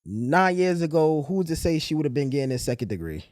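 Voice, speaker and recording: Higher-voiced New man hosting. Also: brisk, no room sound, studio quality. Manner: storytelling, animated retelling. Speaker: podcast host. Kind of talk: casual podcast chat.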